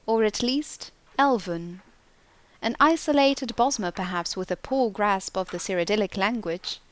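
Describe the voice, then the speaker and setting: A woman narrating an audiobook in slow, deliberate storytelling. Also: mid-range voice. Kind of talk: scripted narration.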